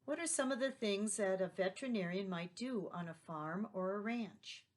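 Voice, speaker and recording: A woman's voice: medium pitch, normal speed. A woman teaching a remote lesson to young children, patient and leading them along with tag questions.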